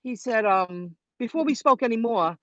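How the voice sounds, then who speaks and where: A woman's voice: fairly high pitch, expressive, normal speed, no echo, muffled recording. A woman telling a story in a chatty, rambling way on a live stream, talking straight to her viewers from her car. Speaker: vlogger hosting a live stream. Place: in her car while driving.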